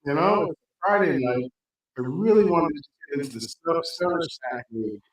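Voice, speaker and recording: A man's voice: a little high, animated, normal speed, low-quality recording. A man co-hosting a casual livestream, telling crude jokes loosely and laughing at his own punchlines. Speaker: stream co-host.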